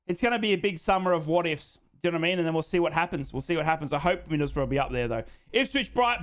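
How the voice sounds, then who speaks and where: A high, fairly bright male voice belongs to an Australian host of a live football watchalong. He keeps things casual and jokey, reads out comments from fans, tends to repeat himself and uses "mate."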